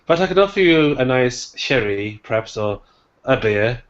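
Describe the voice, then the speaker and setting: A man's voice: medium pitch, animated, normal speed, dull audio, lightly acted. A man voicing a sly, flirty female adventurer in a playful, teasing manner, in a tabletop game.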